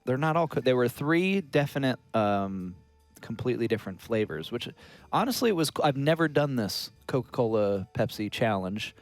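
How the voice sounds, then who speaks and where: A man co-hosts a podcast, rambling through his thoughts and getting defensive when teased. His middle-pitched voice moves with lively ups and downs. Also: moderate pace, no echo, faint music behind. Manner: rambling, defensive, hesitant restarts. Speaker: podcast co-host. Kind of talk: casual comedic banter.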